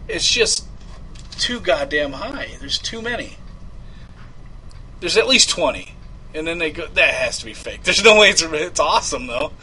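A man's voice: a little high, big pitch swings, unhurried, pauses often, bright, forceful tone, a little hiss or hum, poor audio. A man hosting a casual live prank call show, loose and laughing, swearing freely. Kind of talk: casual live-stream chat.

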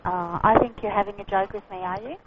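A woman answering a business phone, fast and politely brisk. The line is dull and lo-fi, with faint noise behind her. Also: mid-range voice, steady tone. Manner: brisk, polite customer service. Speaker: receptionist taking a call. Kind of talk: phone call.

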